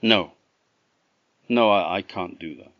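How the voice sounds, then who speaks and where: Bashful Scottish young fool, put on by a male storyteller; hesitant, folksy, a bit loud. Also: low voice, slow, dry recording, highs cut off. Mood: sheepish. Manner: sheepish, hesitant, folksy dialect.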